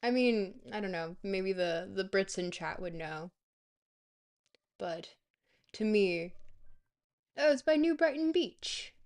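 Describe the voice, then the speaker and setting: A young woman streaming a geography guessing game, rambling and playful, breaking into sudden excited squeals. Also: medium pitch, slow, long pauses. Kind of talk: live-stream game commentary.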